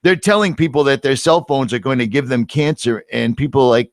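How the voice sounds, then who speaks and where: An American man hosts a live online talk and speaks in animated, emphatic bursts. His voice sits at a middle pitch. The sound is dry and close, with no room echo. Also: fairly quick. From United States. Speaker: host. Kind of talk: casual chat.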